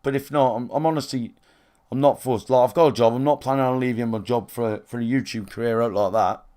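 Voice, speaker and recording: A man's voice: mid-range voice, quick pace, a little mellow. A man, chatting bluntly and rambling to his live stream viewers from his own room. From England. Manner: blunt and sweary, rambling with restarts and fillers. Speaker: game streamer.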